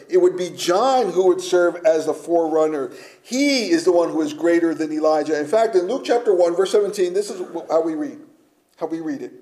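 A man preaching a sermon, emphatic, shifting between loud declarations and hushed, almost whispered lines. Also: on the high side. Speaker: pastor.

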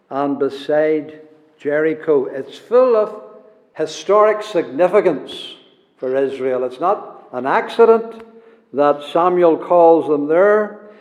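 Guy preaching slow and emphatic, high voice, big hall echo, kinda muffled. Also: darkish tone. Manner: emphatic, builds to urgent repetition. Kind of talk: sermon. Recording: dull hall recording from a distance.

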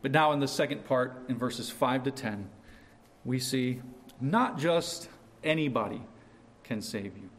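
A man preaching a sermon in a slow, earnest way, rising sharply on his questions. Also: medium pitch.

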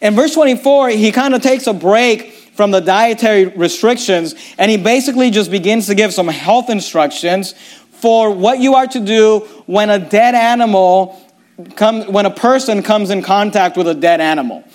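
A man's voice: sits high, normal speed. A man preaching a Bible lesson, reading verses aloud and explaining them, often stumbling and restarting. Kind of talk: bible teaching sermon.

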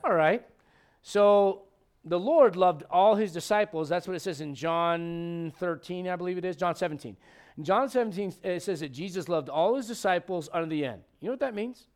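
Male pastor, high-pitched, conversational sermon delivery, quizzes the congregation, punches key lines. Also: normal speed, a little mellow. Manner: conversational, emphatic, asks the congregation questions. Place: church sanctuary.

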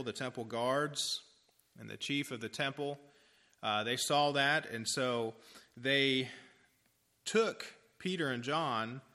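Bright-voiced man preaching a sermon. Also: mid-range voice. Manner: earnest preaching with slow emphatic stresses and rhetorical questions.

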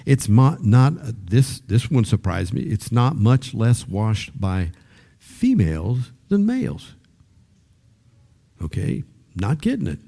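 Older male preacher, mellow and relaxed tone; chatty sermon delivery with stumbling restarts, builds to loud high-pitched emphasis. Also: slow, creaky. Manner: repeats words when starting sentences.

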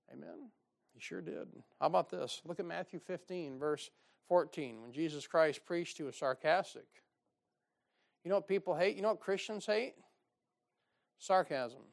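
A man's voice: sits high, gravelly. Pastor, man, joking sarcastic pulpit delivery. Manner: joking, sarcastic preaching with frequent laughs. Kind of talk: sermon.

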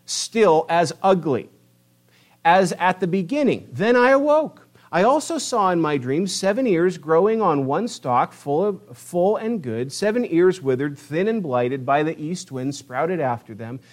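A middle-aged man preaching a sermon, lively and emphatic, reading scripture and pressing home his points. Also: on the high side, a little slow. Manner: animated preaching, rising to emphatic peaks. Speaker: pastor.

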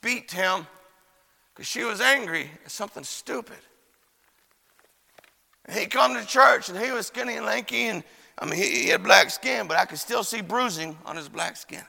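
Gravelly, bright-voiced preacher in a reverberant hall. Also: male voice, sits high, moderate pace. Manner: storytelling preacher, swings from hushed asides to shouting. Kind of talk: sermon. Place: church chapel. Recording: long church hall reverb.

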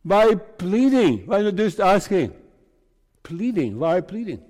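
A man preaching a sermon to his congregation, speaking slowly in short, measured phrases. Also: high-pitched, big pitch swings, darkish tone. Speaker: pastor. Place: church. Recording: reverberant church hall.

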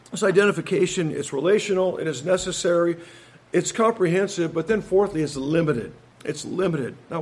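A man preaching a methodical expository sermon, slowing down when he reads scripture and quotations. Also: on the high side, breathy edge. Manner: slows down to read scripture and quotes; methodical, enumerates points, occasional restarts.

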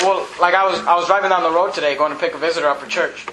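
A man preaching a sermon as pastor, with animated, emphatic repetition. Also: high voice, racing, roomy sound, a crowd in the background, rough recording.

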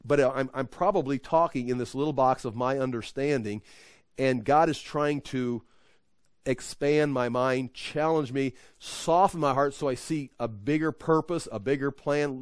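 A man's voice: mid-range voice, measured pace, dry recording. A man leading an evening Bible study, teaching in a conversational, emphatic way and often correcting himself.

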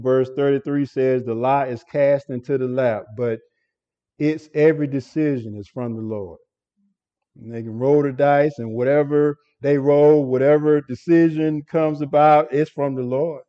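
A man's voice: medium pitch, steady tone, measured pace, dark tone, lo-fi sound. A man preaching an expository sermon as pastor, earnest and stumbling over repeated words as he explains a passage.

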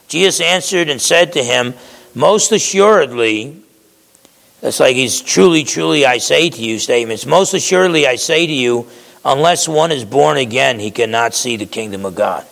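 A man's voice: medium pitch, lively intonation, unhurried, gravelly, pauses often, a bit bright, big-room sound, low-quality recording. A man preaching a sermon in a conversational way, acting out quotes and often restarting his words.

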